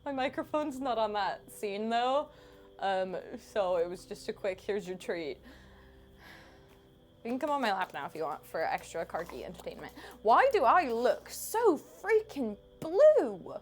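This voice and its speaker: A woman's voice: medium pitch, animated, normal speed, a little hiss or hum. A woman streaming from home, chatting casually with her viewers into a desk microphone in a playful, teasing way and laughing often. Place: home room.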